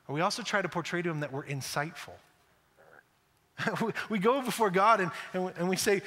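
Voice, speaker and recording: A brisk, high, bright and forceful male voice with lively intonation preaches a conversational sermon. Recorded in an echoing church sanctuary, the pastor acts out quotations and repeats words often.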